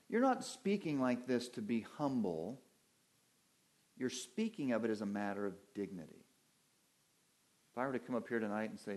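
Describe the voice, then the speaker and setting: A man's voice: lowish voice, lively intonation, normal speed, long pauses, darkish tone. A man preaching an evening Bible-teaching sermon from a church pulpit, in a conversational teaching manner, putting questions to his listeners and answering them.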